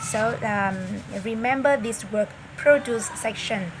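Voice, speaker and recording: A woman, a native Vietnamese speaker, giving a slow, careful English lesson inside a supermarket, often pausing and repeating herself. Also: on the high side. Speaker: English teacher. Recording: audible store background noise.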